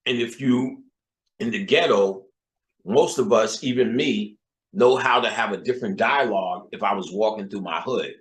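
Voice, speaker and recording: A man's voice: fairly low pitch, moderate pace, reverberant, poor audio. A man with a New York accent, talking in a profane, rambling, casual monologue full of street slang. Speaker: channel host.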